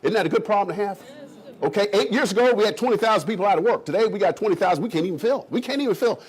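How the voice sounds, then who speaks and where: A middle-aged man from Kentucky giving an animated presentation to a room of realtors. He is folksy and emphatic and talks straight to the audience. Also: high-pitched, racing, slightly rough. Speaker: economic development official.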